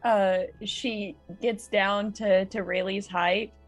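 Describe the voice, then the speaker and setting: A woman's voice: medium pitch, fairly even intonation, slow pace, faint music behind. A woman playing a tabletop game, speaking hesitantly with fillers. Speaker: player.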